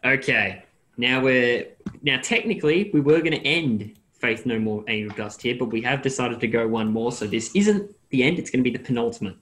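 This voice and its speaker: A man's voice: mid-range voice, animated, moderate pace, a bit bright. A man hosting a casual music podcast and steering the conversation. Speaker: podcast host.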